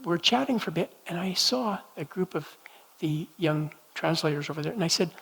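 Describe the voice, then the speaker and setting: A man leading a church prophetic training night, telling personal stories in a gentle, conversational way with halting restarts. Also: a little high, expressive, vocal fry, slightly rough, poor audio. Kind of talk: teaching talk with personal storytelling. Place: church meeting room.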